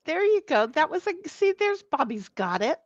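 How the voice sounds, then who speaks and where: A woman's voice: high-pitched, very animated, normal speed, no echo. A woman hosting a livestream, reading viewer comments aloud in a bawdy, giggly, teasing casual chat. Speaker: livestream host. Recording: dull lo-fi dry sound.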